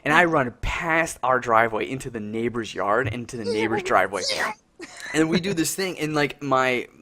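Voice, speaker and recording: A young man co-hosting a casual podcast chat, telling stories with lots of fillers, swearing and animated quoted voices. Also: mid-range voice, moderate pace, crowd noise. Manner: animated, swearing, lots of "like" and "you know what I mean". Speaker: podcast co-host.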